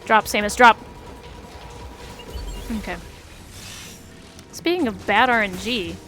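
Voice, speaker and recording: A young woman streaming a video game, chatting casually with her viewers, swearing at the game and greeting people loudly. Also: mid-range voice, takes it slowly, faint music behind. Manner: chatty, swears, loud excited greetings to chat.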